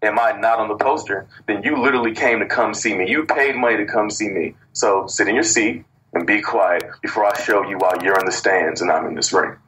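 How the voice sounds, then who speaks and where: Boastful trash-talking wrestler, bright voice. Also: male voice, lowish voice, a little fast, hardly any pauses, poor audio. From Cleveland, Ohio. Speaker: wrestler guest. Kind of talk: casual interview storytelling.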